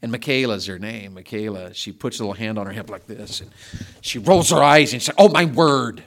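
In a conversational sermon, a middle-aged man tells stories, drifting from hushed remarks to loud, insistent build-ups and often repeating words. His pitch is fairly low and his delivery a little fast.

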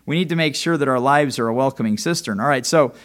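A male pastor preaching a sermon emphatically, asking his congregation questions and swinging between loud and soft delivery. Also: medium pitch, quick pace, heavy reverb, rough recording.

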